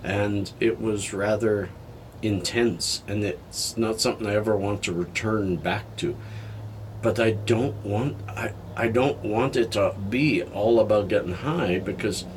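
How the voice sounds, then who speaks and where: An older man talking candidly in a personal vlog, halting and heartfelt, sounding tired and emotional. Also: fairly low pitch, a little hiss or hum. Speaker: health vlogger.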